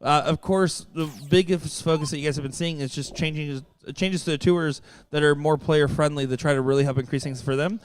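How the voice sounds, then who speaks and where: A man's voice: fairly high pitch, steady tone, fairly quick, hardly any pauses, slight background noise. Upbeat male darts stream host. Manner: upbeat, joking, many "uh" fillers. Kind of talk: live sports commentary.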